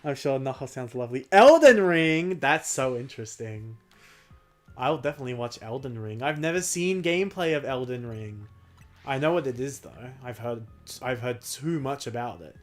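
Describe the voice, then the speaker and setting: A man in young adulthood, talking in a loose, rambling way to his stream chat while he plays. He pokes fun at himself and breaks into laughter often. His pitch sits around the middle for a man, and faint music plays underneath. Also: moderate pace. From Australia. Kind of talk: casual livestream chat while gaming.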